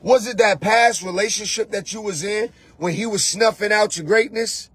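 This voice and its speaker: A male spiritual coach hosts a show with a motivational monologue, his voice sitting high, a bit bright and slightly rough, at a moderate pace in a dry recording. He speaks emphatically and directly to the listener, full of repeated phrases and rhetorical questions.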